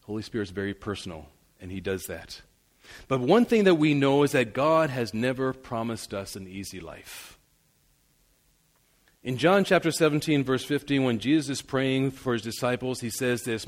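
A man's voice: mid-range voice, animated, normal speed. A male pastor preaching an earnest sermon that rises to emphatic declarations, in a church sanctuary. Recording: long hall reverb.

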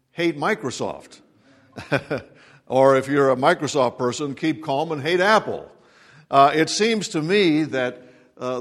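A man, a pastor, preaching a sermon in a relaxed, conversational way with frequent filler words. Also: medium pitch.

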